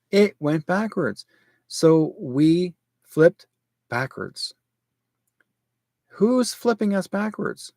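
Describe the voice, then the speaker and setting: Animated rambling male show host. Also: slow, long pauses, no room sound. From Canada. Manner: rambling, animated storytelling with sudden pitch jumps. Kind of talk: casual monologue. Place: home office.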